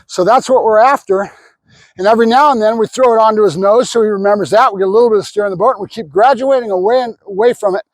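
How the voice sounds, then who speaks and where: A man's voice: sits high, no echo. A man working as a dog trainer, explaining his method during a hands-on session while giving a dog short praise cues.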